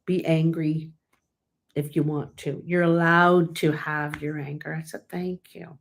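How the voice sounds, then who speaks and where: A woman's voice: sits low, flat delivery, measured pace, gravelly. A woman hosting her own vlog, talking in a candid, casual way with many fillers and restarts. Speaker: tarot channel host. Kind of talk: casual personal vlog talk.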